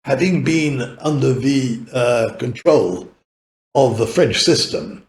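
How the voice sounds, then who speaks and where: Speaking slowly in a mid-range voice, a British man in his eighties rambles through long anecdotes as a podcast guest. He laughs often and swears casually, and the sound is reverberant.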